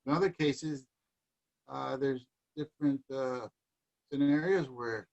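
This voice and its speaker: A man's voice: mid-range voice, slow, vocal fry, a little mellow, dull audio. A man in casual conversation on a livestream, talking thoughtfully about music and dance and sometimes dropping in Spanish words. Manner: reflective, sprinkles in Spanish words. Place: home livestream.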